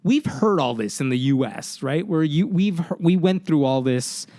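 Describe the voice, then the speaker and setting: A man's voice: on the high side, lively intonation, moderate pace, mellow, no room sound, studio quality. A young man co-hosting a podcast in casual chat, rambling with many fillers and restarts. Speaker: podcast co-host.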